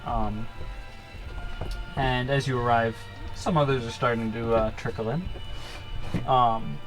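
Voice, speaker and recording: A young man serves as game master for a tabletop game, his narration full of hesitant ums and pauses. Soft background music plays under his voice. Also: medium pitch, fairly even intonation.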